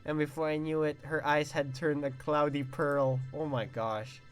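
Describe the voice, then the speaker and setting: Young male streamer, reads game text aloud, breaks off to swear and exclaim; soft music under him. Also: fairly high pitch, unhurried. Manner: excitable, swears and exclaims between read-out passages.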